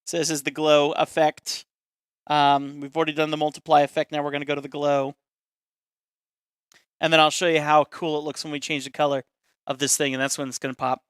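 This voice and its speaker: A man's voice: on the high side, little pitch movement, a little fast, smooth, dry recording, clean studio sound. A man casually chatting on a live stream while demonstrating a caricature drawing step by step, self-deprecating and talkative.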